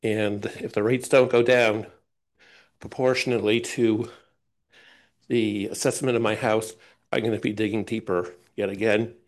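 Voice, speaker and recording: A man's voice: fairly low pitch, fairly even intonation, a little slow. A man speaking during public comment at a town council meeting, rambling with loose phrasing and frequent fillers. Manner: rambling, loose, many "you know" fillers and restarts.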